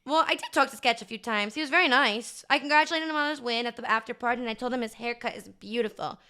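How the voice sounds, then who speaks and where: Bubbly, bright-voiced young woman streamer. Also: a little high, quick pace, smooth. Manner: bubbly, gushing, chatty with many fillers. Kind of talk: casual chat to a live chat audience.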